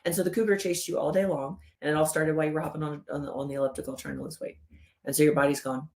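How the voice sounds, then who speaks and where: A woman in her thirties giving a lively explanatory talk as a wellness educator, walking through a chart and acting out the body's voice in quotes. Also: low voice, quick pace. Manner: animated, acts out the body's inner voice in quotes.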